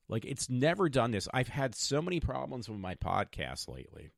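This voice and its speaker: A man's voice: mid-range voice, sing-song, a little fast, vocal fry, few pauses, no room sound, clean studio sound. A man in his fifties talking in a meandering, stop-start way with many fillers, hosting his own podcast. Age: 50s. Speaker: podcast host. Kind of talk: rambling personal vlog.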